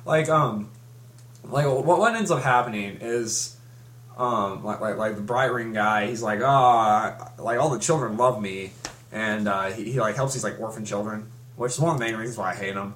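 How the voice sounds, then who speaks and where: A man's voice: on the low side, moderate pace, a bit bright. Give me a young man casually recapping a story, rambling and restarting often. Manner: rambling, with many restarts and fillers. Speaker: fan recapping a comic. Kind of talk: casual chat.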